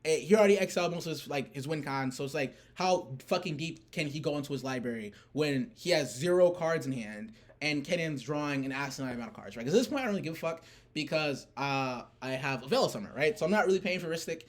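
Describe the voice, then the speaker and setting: A man's voice: on the high side, lively intonation, quick pace, few pauses. Rambling, cussing young man. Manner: rambling, heavy swearing, filler-laden. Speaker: player recounting a card tournament. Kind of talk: casual rant.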